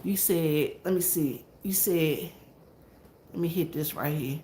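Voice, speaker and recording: A Southern woman with a low, mellow voice talks unhurriedly to her viewers, alone in an empty church where she works and vlogs. Her chat is casual, folksy and full of storytelling, with an echoey room and slight background noise.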